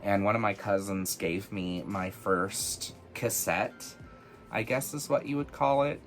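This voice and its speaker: A man casually telling personal stories in an animated, chatty way, full of fillers, for his witchcraft vlog. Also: lowish voice, unhurried, soft background music. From United States. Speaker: witchcraft vlogger.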